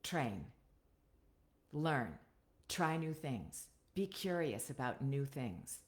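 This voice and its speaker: A very deep female voice, moving slowly with big pitch swings, belongs to an American woman doing casual voiceover coaching. She chats through a computer webcam on a live stream, frequently checking in with "right?"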